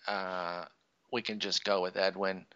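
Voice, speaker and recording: A man's voice: sits low, flat delivery, unhurried, fairly bright tone, clean tone, dull audio. A man co-hosting a podcast, chatting casually while drafting a fantasy team and breaking into frustrated, swearing outbursts. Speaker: podcast co-host. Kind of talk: casual chat during a live fantasy draft.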